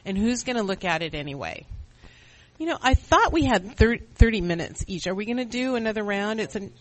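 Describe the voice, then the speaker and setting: A middle-aged panel speaker shares a personal recovery story at a meeting. The voice is earnest and reflective, often pausing and restarting mid-thought, and sits at a middle pitch. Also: lively intonation, a bit bright, low-quality recording.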